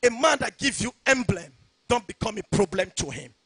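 A man preaching a sermon, shouting his points and slipping into a sing-song cadence. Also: sits high, sing-song, normal speed, breathy edge, no room sound. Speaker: pastor.

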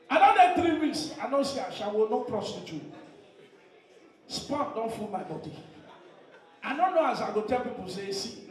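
Animated Nigerian comedian on a live stage. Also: male voice, recorded from a distance. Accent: Nigerian Pidgin English. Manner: animated, swings from shouted punchlines to low asides. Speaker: stand-up comedian. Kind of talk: stand-up comedy. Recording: echoey venue heard from off mic. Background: laughing audience.

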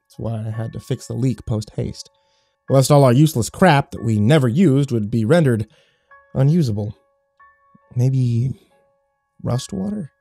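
A man's voice: mid-range voice, normal speed, mellow, soft background music. A man giving scripted horror story narration in a wry, sarcastic first-person tone.

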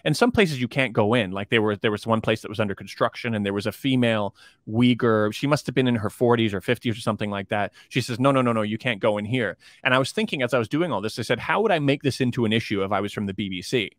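A man's voice: lowish voice, fast, no echo, clean studio sound. A man speaking as a guest commentator in a podcast interview, rambling, with frequent restarts and fillers. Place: based in China.

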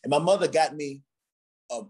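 Speaking at normal speed, a Ghanaian man who plays drums shares tales from his youth in conversation, acting out each character's voice. He's a guest, and his voice is a little high, somewhat mellow and slightly rough.

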